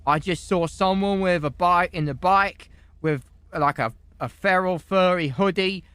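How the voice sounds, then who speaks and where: A man role-playing a defendant giving rambling, excitable testimony in a game courtroom, with sudden shouted outbursts. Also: sits high, measured pace, clean tone, no echo. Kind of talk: in-character game role-play.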